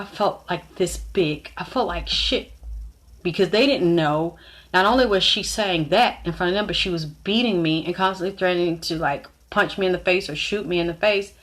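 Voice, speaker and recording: A woman's voice: lowish voice, a bit bright. A middle-aged woman vlogger telling a personal story to her viewers, blunt and frank, talking straight to them. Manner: blunt, frank, acts out others' lines in shifted voices.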